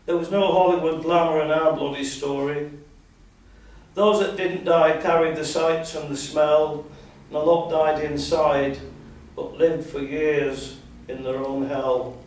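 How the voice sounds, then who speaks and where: A man's voice: a little high, a little slow. Older scottish-born guy doing his poems at an open mic, rambly ums in between, far off mic, big echo, bit of noise. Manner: rambling, hesitant chat between poems, then steady rhyming recital. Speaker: poet reading his own work. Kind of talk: open mic poetry reading. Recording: very echoey room, mic at a distance, faint noise.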